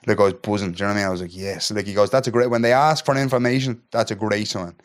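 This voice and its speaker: Fast-talking Dublin man telling a story. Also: on the low side. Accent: Irish, Dublin. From Ireland. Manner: animated retelling, acts out dialogue, keeps asking "do you know what I mean". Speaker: podcast guest, MMA fighter. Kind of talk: casual storytelling chat.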